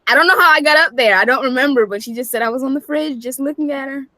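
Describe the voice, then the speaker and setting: A woman's voice: sits high, fast, bright, forceful tone, no room sound. A woman chatting casually, a parent telling family stories and laughing at herself. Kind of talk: casual chat. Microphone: phone app audio.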